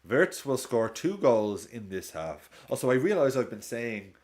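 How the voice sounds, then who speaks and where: A man hosting a live football watch-along stream, casually chatting with viewers and reacting to the match. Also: measured pace. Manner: chatty, reacts to play and reads chat aloud; lively swings in pitch.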